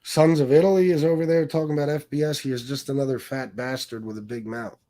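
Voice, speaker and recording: A mid-range male voice, dark in tone and fairly flat in intonation, comes at a quick clip. The man is a livestream host ranting belligerently, swearing heavily and taunting those who criticize him.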